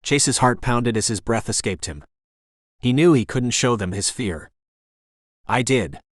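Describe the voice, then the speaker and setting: This male audiobook narrator reads a script in an even, steady storytelling voice. It's mid-range and moderately paced, captured as clean studio sound without echo.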